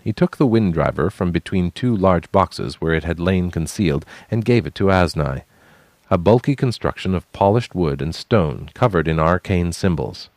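Deep-voiced man narrating a fantasy story. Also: lively intonation, normal speed, darkish tone, dry recording. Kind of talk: scripted fantasy audiobook narration.

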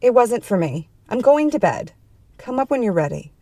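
A towering, blunt woman who is tough but caring and speaks low, firm and urgent, as a woman narrator puts her on. Her lines come in a mellow, dry voice. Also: sing-song, moderate pace, dry recording.

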